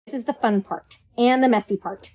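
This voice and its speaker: Bubbly craft teacher, woman with a slightly high voice, playful and chatty. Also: fairly quick, over music, poor audio. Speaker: craft tutorial host. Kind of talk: hands-on craft demonstration.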